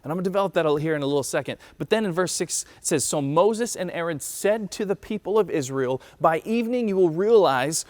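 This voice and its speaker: A man's voice: fairly high pitch, fast talker, few pauses, dry recording. A man in his thirties preaching a conversational sermon, telling stories and acting out quotes. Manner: conversational storytelling, acts out quotes. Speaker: pastor. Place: church.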